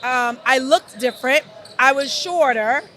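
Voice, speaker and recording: A middle-aged woman talking in a casual interview, animated, often saying "right?" and "absolutely". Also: high voice, unhurried, crowd noise. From United States. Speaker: guest.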